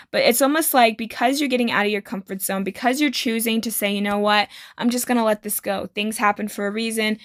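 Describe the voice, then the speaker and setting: A woman's voice: on the high side, a bit bright, no echo, clean studio sound. A woman giving a tarot reading to her viewers, reassuring and rambling, with many fillers. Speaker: tarot reader.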